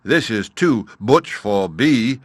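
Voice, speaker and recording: A man voicing a curious, very polite young elephant calf, talking high and earnest. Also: expressive, takes it slowly, no echo, studio quality. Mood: distressed, nasal.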